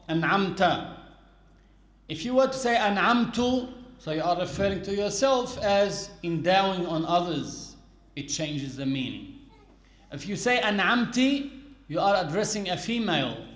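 A man giving a religious lesson, explaining patiently with worked examples and little acted scenes. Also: high voice. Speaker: religious teacher. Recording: echoey room.

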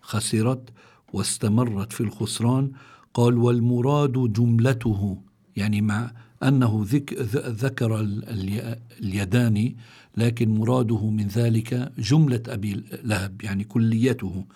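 A man teaching Quran recitation, reading out explanations in a measured way. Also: medium pitch, steady tone, mellow, husky. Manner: measured, reads citations slowly.

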